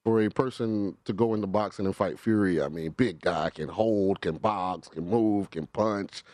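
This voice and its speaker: A man co-hosts a sports betting show and offers relaxed, opinionated takes. His voice sits on the low side. It sounds dry and close to the mic. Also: moderate pace, dry recording. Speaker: co-host.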